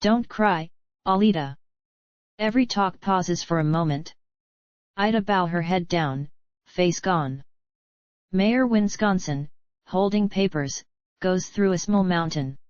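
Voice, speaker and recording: A woman reading screenplay stage directions aloud in a flat manner. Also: fairly low pitch, measured pace, dry recording. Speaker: reader. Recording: dull lo-fi dry recording.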